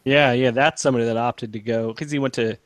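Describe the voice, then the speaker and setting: A man's voice: mid-range voice, steady tone, quick pace, no room sound. A man co-hosting a collectors' podcast, tossing in dry, wry quips during casual chat. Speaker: podcast co-host.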